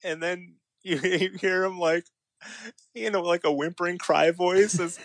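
A man co-hosting a casual chat, telling a story with lots of energy, his voice climbing high and breaking into laughter as he gets excited. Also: measured pace, dry recording, faint music behind. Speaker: podcast co-host.

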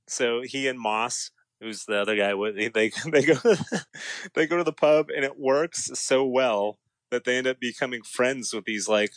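A man in mid-range pitch chats casually as a podcast co-host. He tells a story in an animated way, his voice soaring upward and dissolving into giggles at the best bits. The sound is dry and close. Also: moderate pace, dry recording. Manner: animated storyteller, voice rising high and laughing when excited. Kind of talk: casual chat.

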